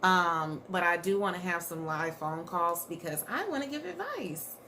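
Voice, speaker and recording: A woman's voice: on the low side, animated, moderate pace, sharp tone, slight background noise. A woman mental health therapist talking candidly to her viewers in a loose, conversational way, with plenty of fillers and restarts. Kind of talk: casual talk to camera.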